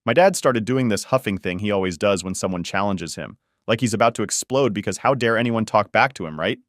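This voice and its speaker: A man's voice: on the low side, lively intonation, fast talker, hardly any pauses, dry recording, studio quality. A man narrating a first-person family story in a casual, blunt way that swears freely.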